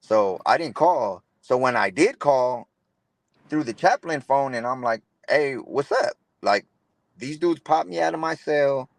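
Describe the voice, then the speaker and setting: A man's voice: medium pitch, animated, unhurried, gravelly, dry recording. Man telling his story in street slang, dry close sound. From Los Angeles area, California. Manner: street slang, says "bro" a lot, retells dialogue. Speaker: interview guest. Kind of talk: casual storytelling interview.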